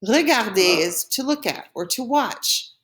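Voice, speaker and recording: A woman's voice: fairly high pitch, animated, a little slow, fairly bright tone. A woman teaching a recorded French lesson, explaining step by step with patience and modeling pronunciation for learners to repeat.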